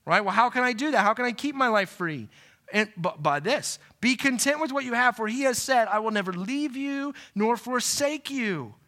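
A middle-aged man preaching a sermon in a conversational way, often checking in with "right?" and moving between loud emphasis and quiet asides. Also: very high voice, lively intonation, moderate pace. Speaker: pastor.

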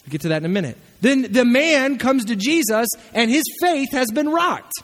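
A man's voice: very high-pitched, lively intonation, moderate pace, a bit bright, big-room sound. A male pastor preaching a sermon, telling the story with animation and acting out the voices of the people in it.

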